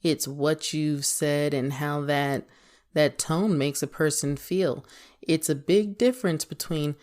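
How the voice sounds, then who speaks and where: This is a woman hosting a podcast, her voice sitting low and unhurried. She muses through her ideas in a casual, reflective monologue, often with a wry, self-deprecating edge. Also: steady tone, darkish tone. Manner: musing, conversational, mildly self-deprecating. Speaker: podcast host.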